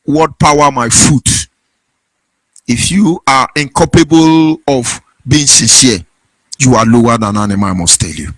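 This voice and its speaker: A man's voice: medium pitch, unhurried, no echo. A man from southeastern Nigeria with a Nigerian accent, giving a fervent political monologue as host in a sing-song preaching cadence. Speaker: online broadcast host.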